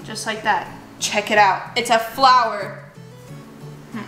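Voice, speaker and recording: A young woman with a high, bright voice chats animatedly to her toys and her viewers in a playful vlog. The sound carries a roomy echo, with faint music underneath. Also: fairly even intonation, takes it slowly. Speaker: vlogger playing with toy llamas. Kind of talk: playful kids' vlog narration.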